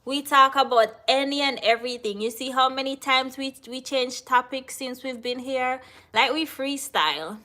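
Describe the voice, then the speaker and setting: A woman's voice: high-pitched, normal speed, pushed and bright. A Jamaican woman hosting a live stream, chatting casually and answering viewers in the chat. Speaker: livestream host.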